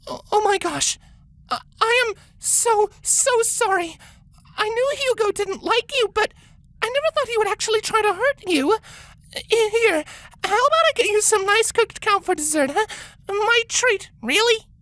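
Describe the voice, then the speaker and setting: A man voicing a tall, tearful human princess with a shrill, shaky voice. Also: animated, measured pace, sharp tone, no echo, heavily acted. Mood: gushing. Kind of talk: audiobook character voice.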